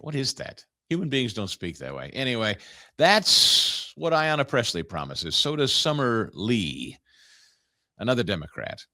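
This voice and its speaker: A man's voice: medium pitch, pushed and bright, no echo, studio quality. A man hosting a political talk show, commenting in a sarcastic, incredulous way.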